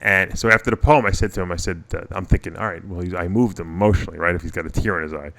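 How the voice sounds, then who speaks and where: Low, bright-voiced man rambling through stories. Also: very fast. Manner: rambling, personal storytelling with many restarts. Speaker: podcast host. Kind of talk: casual radio show chat.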